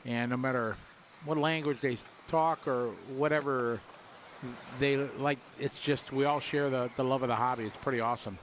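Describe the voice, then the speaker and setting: A man's voice: medium pitch, fairly even intonation, normal speed, a little hiss or hum. A man from Wisconsin giving chatty, upbeat live race commentary and greeting viewers. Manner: chatty, upbeat, jokes with chat and co-host.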